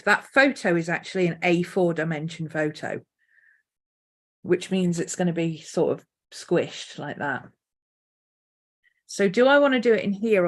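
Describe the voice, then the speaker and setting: A woman artist thinking aloud as she sketches, unhurried, now and then cooing to her dog. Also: lowish voice. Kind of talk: casual art vlog narration. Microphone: desk mic.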